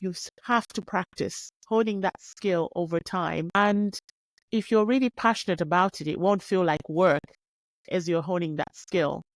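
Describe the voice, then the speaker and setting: A woman's voice: lowish voice, normal speed, no room sound. A woman hosting a podcast, talking in a reflective, encouraging way. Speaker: podcast host. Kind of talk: casual interview chat.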